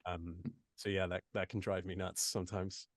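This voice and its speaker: A man's voice: low voice, flat delivery, normal speed, no echo, studio quality. A man from the United States who speaks with an English accent, a voice actor chatting casually in an interview with many restarts and asides. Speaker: voice actor guest.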